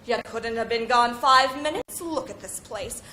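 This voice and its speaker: Woman playing a sarcastic grumpy husband, lowered voice, dry needling, roomy echo. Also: measured pace, bright, forceful tone. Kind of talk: staged comedy scene.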